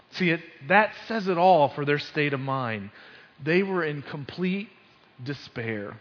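A man's voice: medium pitch, animated, measured pace. Man preaching in a reverberant hall. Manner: storytelling, with sports asides and frequent restarts. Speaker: pastor. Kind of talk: conversational sermon. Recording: dull sound with long hall reverb.

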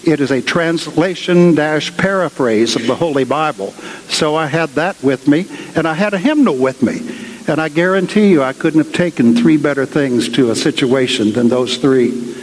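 A man's voice: on the high side, moderate pace. A man preaching in a large cathedral, retelling a story in a conversational way full of asides. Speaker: guest speaker at a cathedral. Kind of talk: storytelling sermon. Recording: long cathedral reverb.

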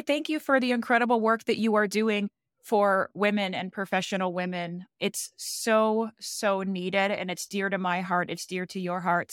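A podcast host interviews a guest, asking questions in an upbeat, encouraging way. Her voice is medium-pitched and a bit bright. The audio is studio quality with no echo.

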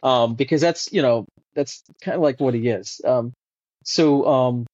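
A man talking as a podcast guest in a casual, animated way, with many fillers and restarts. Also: medium pitch, a little slow, dry recording. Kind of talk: casual conversational interview. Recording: dull lo-fi dry sound.

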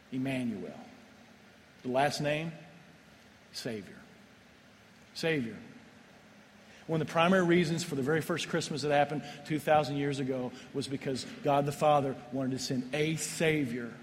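A man's voice: medium pitch, slight background noise. A man preaching a sermon as pastor, earnest and repetitive, with frequent restarts. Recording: long reverb of a large hall, faint ambience.

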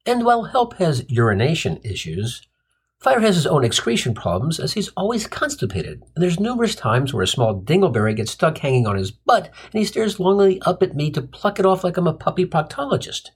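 A man with a husky voice tells a comic monologue full of tangents. His pitch swings widely as he builds to crude, sardonic punchlines. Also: sing-song, fairly quick. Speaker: comic storyteller, podcast host.

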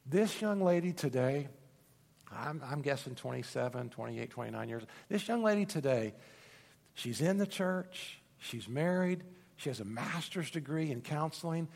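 Stammering pastor preaching in a reverberant hall. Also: male voice, on the high side, expressive, moderate pace, vocal fry, a little mellow. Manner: storytelling with frequent stammered restarts. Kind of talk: sermon. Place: church sanctuary.

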